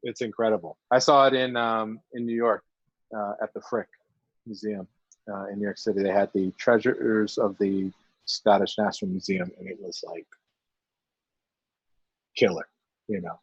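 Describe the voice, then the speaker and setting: A man co-hosting a live painting stream, talking casually in halting, joking bursts full of uhs. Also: lowish voice, fairly even intonation, husky, no room sound, dull audio. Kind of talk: casual chat while painting.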